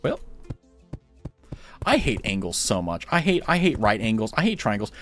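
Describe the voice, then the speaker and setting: A man's voice: fairly low pitch, big pitch swings, moderate pace, soft background music. A young man streaming a game, chatting casually with viewers and rambling through self-mocking jokes. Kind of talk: casual chat while gaming.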